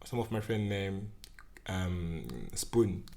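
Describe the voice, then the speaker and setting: A man from the Central African Republic, a dance organizer, guests on a podcast in a casual interview chat. His low, darkish voice stays fairly even and moves at a slow pace. He chuckles often and phrases things loosely, rambling as he goes.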